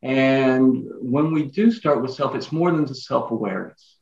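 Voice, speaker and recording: A man's voice: mid-range voice, normal speed, darkish tone. A man guesting on a podcast interview, explaining his ideas earnestly and listing them in emphatic runs. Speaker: guest author. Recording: echoey, dull lo-fi remote audio.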